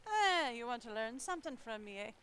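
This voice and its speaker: A woman voicing an aloof foreign gentleman at a café, in a put-on Irish accent, cool and a little cynical. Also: a little high, very animated, brisk, a little hiss or hum.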